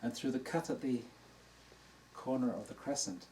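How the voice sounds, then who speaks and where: An older man gives a talk, telling a personal anecdote to a live audience. His voice sits at an ordinary pitch and is picked up from a distance. There is a faint hiss of room noise behind him, and he chuckles as he goes along. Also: moderate pace. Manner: warm anecdotal storytelling, laughing at his own story. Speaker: dharma teacher.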